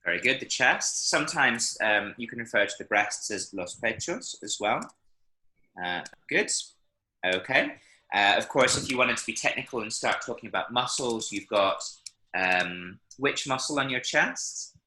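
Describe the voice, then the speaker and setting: Lively, encouraging male language teacher. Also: medium pitch, moderate pace. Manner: encouraging, explains with spoken examples. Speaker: Spanish teacher. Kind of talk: online language lesson. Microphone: video call. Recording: echoey room.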